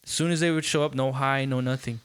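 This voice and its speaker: This podcast host is a man with a medium-pitched, clean voice who talks fast, recorded dry. Chatting casually, he tells stories with lots of animation, acts out quotes, and swears freely and often.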